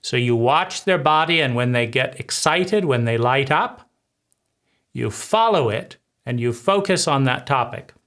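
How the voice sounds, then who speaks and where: A man teaching conversation skills in a deliberate way, often repeating himself and checking in with "right?". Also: mid-range voice, animated, fairly bright tone. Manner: slow, deliberate, repeats phrases and asks "right?". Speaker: life coach.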